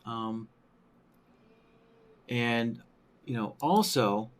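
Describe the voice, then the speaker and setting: A man walks viewers through trading software at an unhurried pace, thinking aloud as he goes. His voice sits at a middle pitch, and he keeps checking in with a habitual "right?". His explanations are padded with "you know" and "um". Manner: thinking aloud, frequent tag question "right?"; many fillers like "you know" and "um". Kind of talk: screen-recorded software tutorial.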